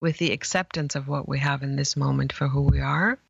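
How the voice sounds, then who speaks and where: A woman image therapist, a guest in an interview, telling stories passionately with emphatic pauses. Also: extremely low pitch, steady tone, creaky, husky, dry recording, lo-fi sound. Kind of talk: emotional storytelling interview.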